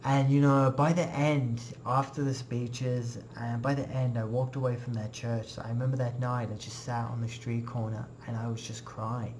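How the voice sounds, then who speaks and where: A man's voice: medium pitch, flat delivery, normal speed, hardly any pauses, a little mellow, slight background noise. Earnest rambling young man. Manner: casual, rambling, earnest, many fillers. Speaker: web class presenter. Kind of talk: personal testimony talk.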